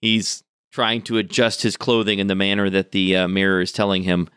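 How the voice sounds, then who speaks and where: A man running a tabletop game as game master, narrating with a wry, relaxed manner. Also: low voice, brisk, smooth, no echo, studio quality.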